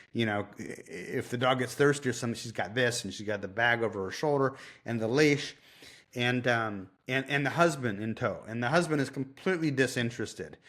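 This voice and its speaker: A male podcast guest telling stories in a loose, rambling way. He swears freely and keeps restarting his sentences. His voice sits at a middle pitch. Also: a bit bright. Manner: loose, profane, self-interrupting. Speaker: dog trainer, podcast guest. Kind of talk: casual storytelling.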